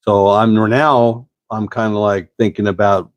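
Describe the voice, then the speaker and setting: Host in his fifties, folksy and rambling, low voice, dry close sound. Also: steady tone, no room sound. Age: 50s. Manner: rambling, folksy, drawn-out pauses. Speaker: host answering live chat questions. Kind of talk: casual live-stream chat.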